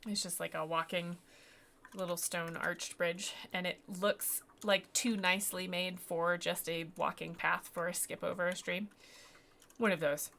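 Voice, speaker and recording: A woman's voice: lowish voice, flat delivery, a little slow, gravelly, sharp tone, a little hiss or hum. A woman narrating as game master of a tabletop game, rambling and self-deprecating, with many fillers and restarts.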